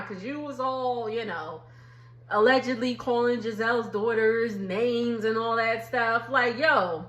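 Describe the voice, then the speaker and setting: A woman's voice: fairly high pitch, a little slow, a bit bright, reverberant. A woman, chatting casually through a TV recap and laughing as she acts out quotes. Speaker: reality TV recap YouTuber.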